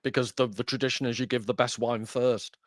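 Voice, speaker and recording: A man's voice: mid-range voice, steady tone, fairly quick, no echo. Man, podcast host, wry and rambling, dry close sound. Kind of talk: casual conversation.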